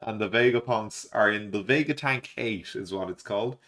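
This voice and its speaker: A man with a fairly low voice chats through a live manga reading and reacts as he goes. He narrates panels loosely, slips in quick offhand character lines, and fills the gaps with plenty of uhs and ums. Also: a bit bright. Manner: reads panels aloud with offhand quoted lines, many fillers. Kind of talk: casual live read-along reaction.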